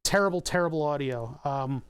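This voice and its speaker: A man's voice: a little high, fairly quick, clear, resonant tone. A young man streaming from home, chatting casually while he tinkers, rambling and correcting himself, laughing at his own asides, on a condenser mic run through a compressor. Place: home room with acoustic padding.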